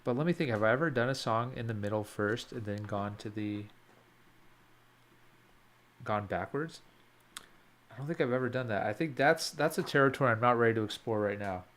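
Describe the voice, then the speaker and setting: A man's voice: mid-range voice, fairly quick, pauses often, fairly bright tone, slight background noise. A young man producing music on a livestream, musing aloud and questioning his own choices as he works. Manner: thinking aloud, self-questioning. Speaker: music producer live-streaming. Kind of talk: casual livestream commentary.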